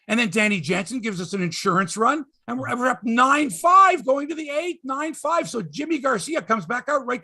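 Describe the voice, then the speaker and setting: A middle-aged sports podcast host delivers an exasperated, emphatic rant as a monologue of sports commentary, swearing for emphasis. His high, bright voice has a husky, gravelly edge and swings widely in pitch, dropping from loud bursts to low grumbles.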